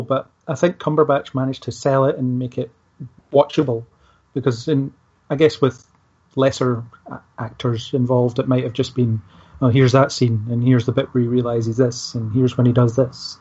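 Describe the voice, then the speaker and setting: A man's voice: medium pitch, normal speed, darkish tone, breathy edge. A man hosting a casual film discussion, easygoing and hesitant, talking things through with fillers. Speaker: podcast host. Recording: dull lo-fi podcast audio.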